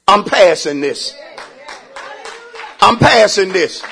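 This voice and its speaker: A man preaching in church, calling out for the congregation to answer back. His voice sits very high and sounds husky, and it swings widely as he climbs into shouts. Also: very animated, takes it slowly, pauses often. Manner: preaching with rising shouts and repeated calls for response. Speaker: pastor. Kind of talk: call-and-response sermon.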